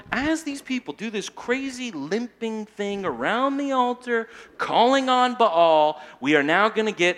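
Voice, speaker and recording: Male pastor, high and lively, animated conversational preaching style. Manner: animated, conversational, tags points with "okay?". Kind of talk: sermon.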